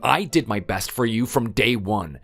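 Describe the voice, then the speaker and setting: A man's voice: on the low side, lively intonation, moderate pace, a bit bright, faint music behind. A man voicing a defensive husband who insists he did enough for his wife and begs her not to leave. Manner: defensive, then pleading. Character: defensive husband pleading to save his marriage. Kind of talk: text-message story dramatization.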